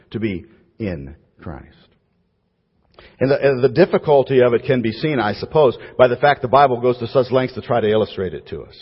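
A pastor preaching a sermon, building to emphatic points and then letting his phrases trail off softly. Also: mid-range voice, husky. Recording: dull, echoey church hall.

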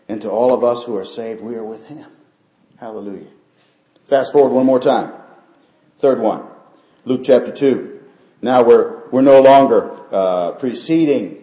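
A man's voice: medium pitch, measured pace, pauses often, warm tone. A man preaching a sermon as pastor, talking earnestly and building up to emphatic peaks. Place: church sanctuary. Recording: echoey church sanctuary.

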